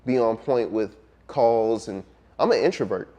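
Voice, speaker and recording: A man, a music producer speaking as an interview guest, talking in a relaxed, reflective way with frequent ums and trailing pauses. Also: fairly low pitch. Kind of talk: casual interview conversation.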